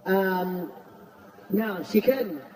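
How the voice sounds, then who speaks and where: A man doing a stand-up roast, brash and profane, shouting his punchlines. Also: high voice, very slow. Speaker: comedian at a roast. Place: stage before a live audience. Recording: roomy venue with crowd laughter.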